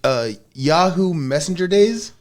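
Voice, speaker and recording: Rambling, profane man telling a story. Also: high voice. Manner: rambling, profane, halting restarts. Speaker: podcast co-host. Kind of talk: casual chat, storytelling.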